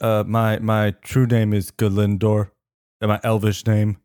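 A man's voice: on the low side, monotone, measured pace, a little mellow, smooth, no room sound, clean studio sound. A man playing in a tabletop game, talking hesitantly with stammers and a goofy tone.

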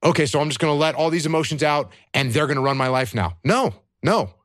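A man speaks in an earnest, emphatic way, asking himself questions and answering them at once. He keeps coming back to the same short phrases. His voice sits at an average pitch and sounds dry and close, with no room around it. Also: lively intonation, fast talker, fairly bright tone, no echo. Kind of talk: earnest conversational advice.

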